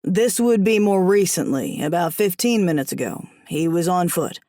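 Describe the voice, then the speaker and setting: Aiden, a shaky undead husband talking low and hushed, a woman doing him in a storybook reading, nervous and earnest, in a dry close-miked room. His voice sits lower and softer than hers, with an altered tone. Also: lively intonation, moderate pace, no echo, natural voice. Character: nervous young man, fallen-angel zombie husband.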